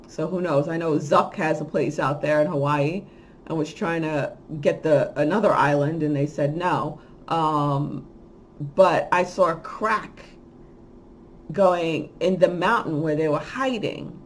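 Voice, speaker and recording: A woman talking in a casual monologue as host of a spiritual channel, rambling with many restarts, moving from quiet musing to loud, heated ranting. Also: low-pitched, a little hiss or hum. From lives in Miami. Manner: rambling with frequent restarts and fillers.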